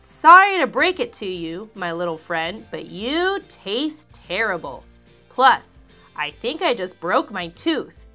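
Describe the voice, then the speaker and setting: Slow, teasing fox for a kids' storybook, as a woman puts him on, lower than her own voice. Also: very animated, pushed and bright, soft background music, full character voice. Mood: blunt. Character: sly friendly fox, grown male, easygoing.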